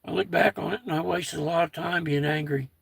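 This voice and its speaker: A man's voice: fairly high pitch, fairly even intonation, a little fast, gravelly, slightly rough, dry recording. An older American man with a folksy manner, chatting casually on his own livestream and reading out viewer comments. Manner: folksy, reads out viewer comments, warm toward chat. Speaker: livestream host.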